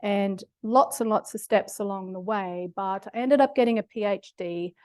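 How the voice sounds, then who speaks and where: A woman's voice: medium pitch, moderate pace, a little mellow, no room sound, clean studio sound. A middle-aged Australian woman giving a public lecture, telling personal stories with a humorous, self-deprecating manner. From Australia (Queensland). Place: lecture hall.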